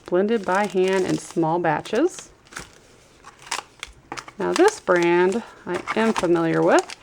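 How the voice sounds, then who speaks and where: Chatty woman with a gravelly edge. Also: fairly low pitch, lively intonation, slow, a little mellow, a little hiss or hum. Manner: chatty, trails off while reading labels. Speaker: YouTube vlogger. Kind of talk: casual unboxing chat.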